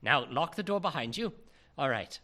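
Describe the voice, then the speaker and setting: A man putting on a big, gruff, bumbling male half-giant groundskeeper who scolds the kids and spills secrets. The voice stays lively and bright, a goofy improvised comedy-podcast take on the character. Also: fairly high pitch, moderate pace, pitched below the performer's own voice.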